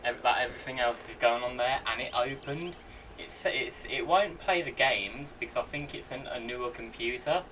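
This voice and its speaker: Man, casual home vlog commentary, talks to himself, bright tone, faint background noise. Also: mid-range voice, moderate pace. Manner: chatty, talks to himself, excitable outbursts. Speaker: vlogger. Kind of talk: casual running commentary while using a computer. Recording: voice a bit far from the mic, faint background noise.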